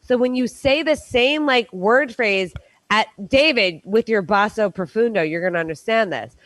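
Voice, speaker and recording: A woman hosts a late-night quiz show, rambling through stories in casual chat with a slightly high voice. She drops into playful put-on voices as she goes. Her sound is close and dry. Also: moderate pace, a bit bright, no echo, poor audio. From New York.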